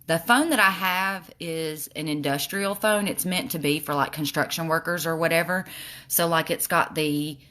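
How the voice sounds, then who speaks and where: A woman's voice: low-pitched, moderate pace, sharp tone. A woman with a slight lisp, chatting casually while showing makeup on a livestream. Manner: chatty, reads viewer comments aloud.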